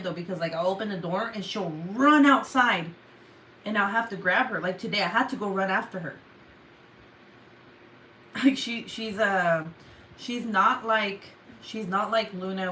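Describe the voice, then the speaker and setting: A woman's voice: mid-range voice, slight background noise. A young adult woman telling a story casually to her viewers, swearing freely and acting out her own outbursts. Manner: swears a lot, animated retelling with loud outbursts. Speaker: vlogger.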